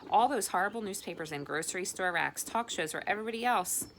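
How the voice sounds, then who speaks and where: A woman's voice: medium pitch, animated, fast, fairly bright tone, a little hiss or hum. Woman reading as a frantic teenage girl. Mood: anxious. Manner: agitated, pleading.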